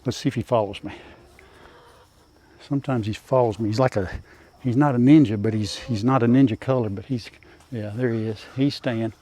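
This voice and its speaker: Outdoors in a chicken coop, an older farm vlogger chats casually with his chickens and his viewers in a folksy rural drawl. His voice is mid-range and warm, with fairly even intonation, normal speed, and long pauses.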